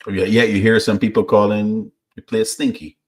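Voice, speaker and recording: A man chatting casually about football, relaxed and friendly, calling his co-host bro. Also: fairly low pitch, normal speed.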